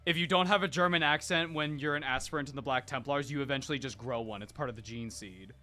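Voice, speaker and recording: A man hosting a casual chat while painting miniatures, animated and joking. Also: mid-range voice, fast talker, faint music behind. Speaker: host.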